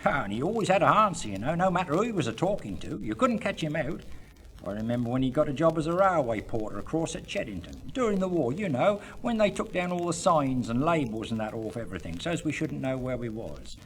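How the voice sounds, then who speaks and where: A man's voice: a little high, very animated, quick pace. A man with a rural southern English accent spinning comic country yarns in a drawling dialect monologue, with chuckling asides.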